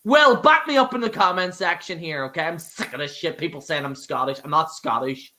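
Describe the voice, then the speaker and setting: Bright, rambling Irish male host. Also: a little high, fairly quick, a little hiss or hum. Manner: rambling, swears a lot, many restarts. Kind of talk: casual live-stream chat.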